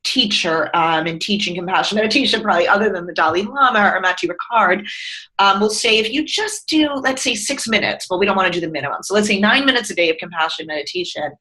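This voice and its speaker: A woman's voice: mid-range voice, quick pace, poor audio. A middle-aged woman, a company founder, telling stories earnestly and expressively in a conversational interview. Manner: earnest, expressive storyteller, tearing up.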